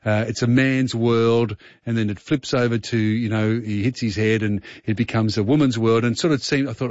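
A man hosts a radio chat in a loose, rambling way, laughing easily between points. His voice is middle-pitched and dry, and it sounds slightly dull. He comes across as unhurried. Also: steady tone, darkish tone, dry recording. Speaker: radio host.

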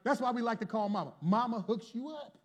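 High-voiced preacher swinging loud to hushed. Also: male voice, animated, a little fast. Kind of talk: sermon. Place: church before a congregation.

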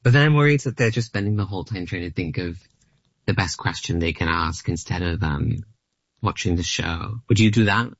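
A man's voice: sits low, fairly quick, no room sound. A man in his late thirties with an Australian accent, chatting as a comedian guest in a rambling, self-deprecating way full of hesitations. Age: late 30s. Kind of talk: casual interview chat. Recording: dull lo-fi dry studio sound.

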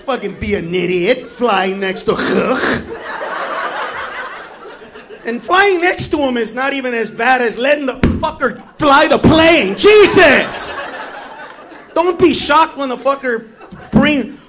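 A man doing a profane, brash stand-up routine, with loud shouted bursts. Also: very high-pitched, expressive, slow, long pauses, a little hiss or hum. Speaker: stand-up comedian.

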